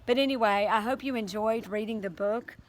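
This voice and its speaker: A woman's voice: on the high side, brisk. Earnest teacher woman reading to a class. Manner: earnest, emotional, with fillers and restarts. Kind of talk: reading aloud to a class, then chatting.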